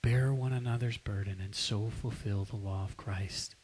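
A man voicing a kind friend who calmly reaches out to help another man. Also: on the low side, moderate pace, a little hiss or hum, voice pushed down, close to an everyday voice. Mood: earnest. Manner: soft, gentle and pleading. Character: gentle, caring male friend and mentor. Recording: long hall reverb.

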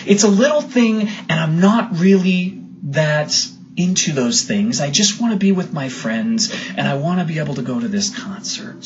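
A preacher voicing a teenage son who insistently pleads with his mother, a bit higher and quicker than the narration. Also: lightly acted. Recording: dull lo-fi recording.

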